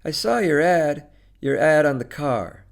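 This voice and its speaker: A man's voice: a little high, animated, a little slow, vocal fry, pitched above the performer's own voice. A man reading a story, voicing a lonely middle-aged woman who sounds nervous and apologetic.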